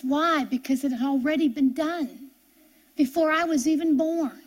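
A middle-aged woman preaching a sermon and telling a personal testimony, fervent and building to impassioned peaks before dropping soft and slow. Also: high-pitched.

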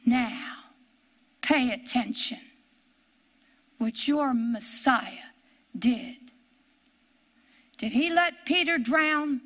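A woman teaching the Bible in a sermon, dramatic and emphatic, asking rhetorical questions and dropping to hushed tones. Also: sits high, extremely slow, long pauses. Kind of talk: sermon, reading and expounding scripture.

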